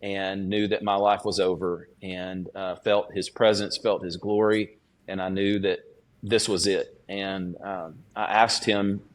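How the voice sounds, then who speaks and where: A man, a student pastor, giving an earnest personal testimony as a podcast guest, in a halting, restarting way. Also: sits low, level tone.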